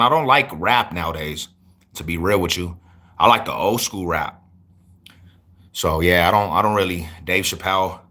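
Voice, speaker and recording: A man in his forties chatting casually on a livestream, answering viewers with hyped street slang and loud shout-outs. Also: lowish voice. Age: 40s. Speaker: YouTuber.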